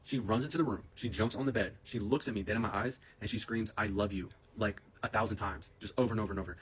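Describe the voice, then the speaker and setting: A young man with a husky, slightly low voice tells a personal story straight into his phone camera. He talks quickly and excitedly, rambling through slang and fillers in a casual storytime style.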